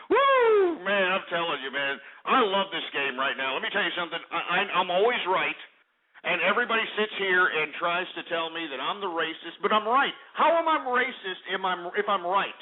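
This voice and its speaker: A man hosting a call-in radio show, loud and mocking, stammering over his own words. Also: high voice, expressive, fairly quick. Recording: tinny phone-like radio audio.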